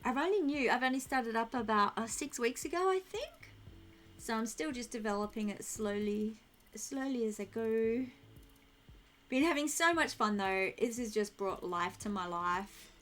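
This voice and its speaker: A woman's voice: on the high side, animated, moderate pace, a bit bright, soft background music. A young woman streaming a game, chatting casually and thinking aloud while she answers her chat.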